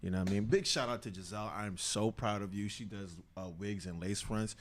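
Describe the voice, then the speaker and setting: A man with daughters hosting a casual podcast, joking and quick to laugh. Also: lowish voice, steady tone, slight background noise. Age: young adult or middle-aged, father of daughters. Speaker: podcast host.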